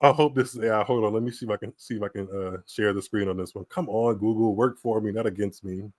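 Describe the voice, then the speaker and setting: An American man hosts a tennis podcast from a small home room, live-streaming and reacting to pictures with lots of laughter and exclamations. His lowish voice comes through in clean studio sound with no room echo, and his delivery is slow and drawn out.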